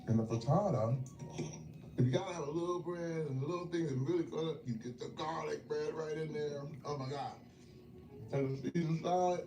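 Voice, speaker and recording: Storytelling man in an echoey room. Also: brisk. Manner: emotional, storytelling, swings from low murmurs to loud bursts. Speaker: guest. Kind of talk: casual chat over a meal. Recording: echoey, distant, noisy room.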